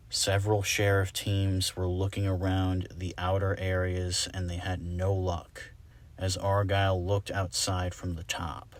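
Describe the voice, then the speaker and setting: Low, unhurried male storybook reader, soft and deliberate delivery. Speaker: audiobook reader. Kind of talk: storybook narration.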